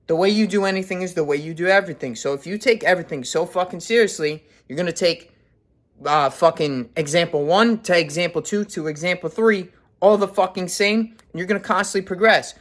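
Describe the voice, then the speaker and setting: A man's voice: high voice, fairly quick, fairly bright tone. A man in his twenties giving a blunt, profanity-heavy motivational rant as a vlogger. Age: 20s. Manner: blunt, heavy swearing, intense.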